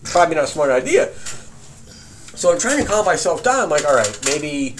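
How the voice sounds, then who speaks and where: Man, casual storytelling, swears a lot, lively rising and falling pitch, faint background hum. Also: fairly quick. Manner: animated, swearing often, laughing while recounting.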